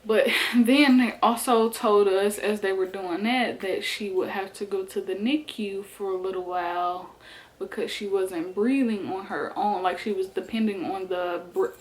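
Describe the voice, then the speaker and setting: A young woman speaks into her camera in a casual storytime. She is chatty and animated, peppering her talk with "like" and "y'all". She sounds relaxed and conversational. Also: medium pitch, measured pace, poor audio. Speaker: vlogger.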